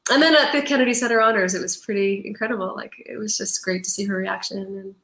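A woman's voice: medium pitch, quick pace, reverberant, poor audio. A young Canadian woman, a stage actress, chatting in an interview, telling stories with lots of laughter and playful acted-out quotes. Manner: animated storyteller, laughs often, acts out quoted lines. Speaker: musical theatre actress, guest. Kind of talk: casual interview chat.

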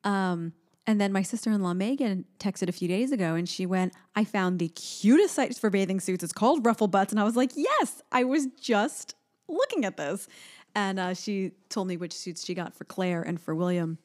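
A woman's voice: medium pitch, fairly quick. A woman in her thirties, a podcast co-host and mother, chatting casually and acting out little quotes as she tells stories. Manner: chatty, animated storytelling with voiced quotes. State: sleepy. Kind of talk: casual chat.

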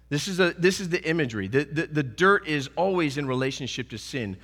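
Bright, animated male preacher in a reverberant hall. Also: on the high side, a little fast, hardly any pauses. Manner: earnest, animated preaching with acted-out quotes. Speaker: pastor. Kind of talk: sermon.

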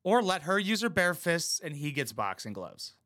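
A man's voice: fairly high pitch, very animated, normal speed, loud music behind the voice. A man giving crude, mocking, blunt commentary while reacting to a reality show. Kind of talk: casual profane commentary.

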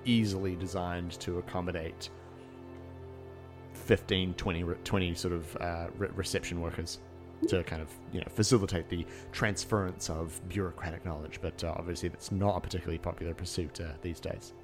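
Deep-ish guy dming, lots of uhs and ums, soft music in the back. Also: fairly even intonation. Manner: halting, full of fillers. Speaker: game master. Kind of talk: narrating a tabletop game.

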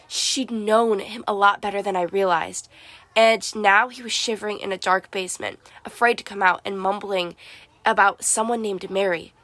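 A woman reading a first-person storybook narration, expressive and lively. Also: medium pitch, no echo. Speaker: audiobook narrator.

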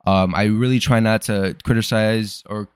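A man's voice: lowish voice, fairly even intonation, normal speed, clear, resonant tone, no room sound, studio quality. A young man hosting a podcast, rambling through a casual, profane and self-deprecating personal monologue. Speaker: podcast host.

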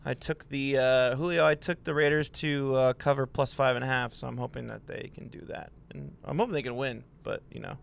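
A man's voice: mid-range voice, steady tone, fairly quick, gravelly, hardly any pauses, a little hiss or hum. A man co-hosting a casual sports podcast, talking in a laid-back, rambling way with many fillers. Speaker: podcast co-host.

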